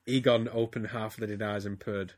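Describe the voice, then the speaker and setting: A man's voice: mid-range voice, fairly even intonation, moderate pace, no echo. A man, a podcast host giving a theatrical comic reading of a story. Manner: reads theatrically, breaks into laughter. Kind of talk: comedic dramatic reading.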